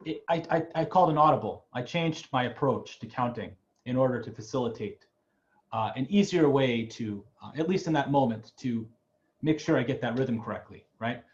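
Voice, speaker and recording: A man's voice: medium pitch, lively intonation, moderate pace, highs cut off. A man teaching an online music class, talking in a loose, chatty way and often checking in with "right?". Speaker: music professor. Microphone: video call.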